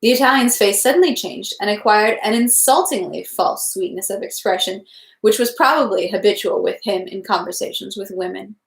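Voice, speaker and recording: A woman's voice: mid-range voice, normal speed. Woman reading a novel aloud, echoey. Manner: careful, stumbles over French words. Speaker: reader. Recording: echoey room.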